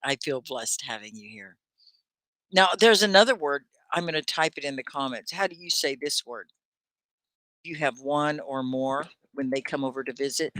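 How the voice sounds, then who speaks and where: Lively woman teaching English live. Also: extremely low pitch, moderate pace, no echo. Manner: animated, greets viewers by name, asks many questions. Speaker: ESL teacher hosting a live stream. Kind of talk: live online English lesson.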